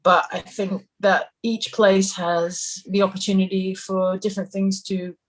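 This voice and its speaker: A young adult woman, a guest musician in an interview, chats casually and rambles a little in an Australian accent with some London influence. Her medium-pitched voice stays level and a bit slow, she laughs often, and the recording quality is low.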